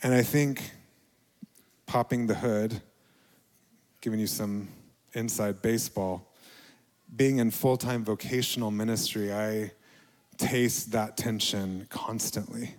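A middle-aged male pastor giving a reflective, confessional sermon, with quiet dips to near a whisper. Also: fairly low pitch, steady tone, slow pace, pauses often, in a large hall.

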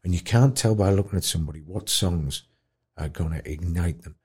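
Low dark husky man, animated storyteller. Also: a little fast. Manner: animated, emotional storyteller, drops to a hush at tender moments. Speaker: guest musician in care.

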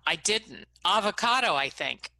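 A woman's voice: medium pitch, expressive, a little slow, pushed and bright. A woman co-hosting a casual chat, speaking enthusiastically and gushing about her favorite things. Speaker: co-host.

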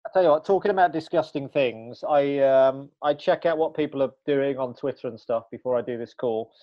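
Male host, mid-pitched, chatty and laughing along, dull remote audio. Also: brisk. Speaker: podcast host. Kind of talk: casual interview on a call.

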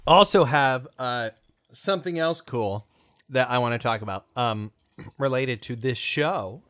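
A man co-hosting a podcast talks in loose, easygoing chat, his voice sitting at an ordinary pitch. He rambles through his points with plenty of fillers and restarts. The sound is dry and close, with no room around it. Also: unhurried, fairly bright tone, no room sound. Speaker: podcast co-host. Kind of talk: casual chat.

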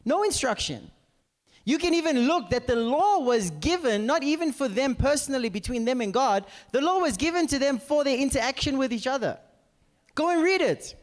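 Animated high-pitched male preacher in a hall. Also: moderate pace. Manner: animated, acts out scripture characters, asks audience to follow. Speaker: pastor. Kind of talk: sermon. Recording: reverberant hall.

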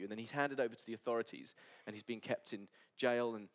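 A man preaching a sermon at a church service, earnest and sometimes dropping to soft near-whispers. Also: medium pitch, fairly even intonation, fast. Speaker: pastor.

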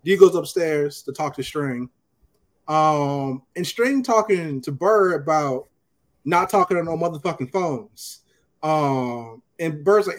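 Guy on a podcast recapping a show, fairly high voice, acts out lines as he goes. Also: a little slow. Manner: animated storytelling, acting out characters' lines. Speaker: podcast host recapping a TV episode. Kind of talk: casual chat.

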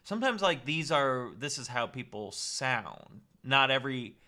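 Young male co-host, rambling, middle pitch, very bright tone. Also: sing-song, unhurried. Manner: rambling, restarts a lot. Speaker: podcast co-host. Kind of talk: casual chat.

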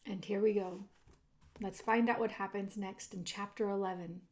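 A woman reading a children's book aloud chapter by chapter, in an expressive way that speaks directly to the listener. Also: mid-range voice, moderate pace. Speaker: storyteller.

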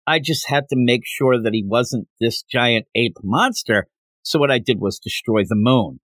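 A man's voice: mid-range voice, normal speed, fairly bright tone, dry recording, natural voice. A man reading as a matter-of-fact old martial arts master.

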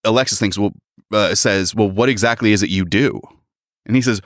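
A man co-hosting a podcast, casually recapping a novel's plot and tossing in quick voices for its characters. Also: on the low side, a bit bright, dry recording, clean studio sound. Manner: retells the plot, acting out lines in quick voices. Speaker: podcast co-host. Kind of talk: casual book recap chat.

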